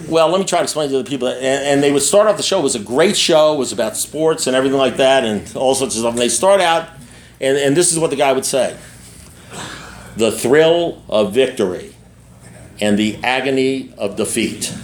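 A man's voice: mid-range voice, fast talker. An older man speaking candidly to a recovery meeting, blunt and profane, repeating himself and often checking in with his listeners. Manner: blunt, repetitive and profane, with frequent asides to the listeners. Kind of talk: candid personal talk to an audience.

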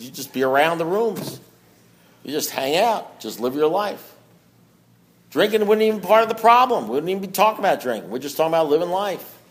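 A man speaking at a twelve-step meeting, reading passages aloud and then riffing on them in a repetitive, emphatic, folksy way. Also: fairly high pitch.

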